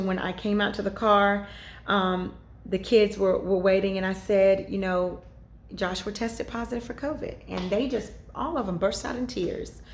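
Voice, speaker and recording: A woman's voice: medium pitch, a bit bright, reverberant. A woman, telling her family's story in casual, earnest vlog style, with many fillers and her own remembered thoughts quoted aloud. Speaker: homemaking vlogger, mother.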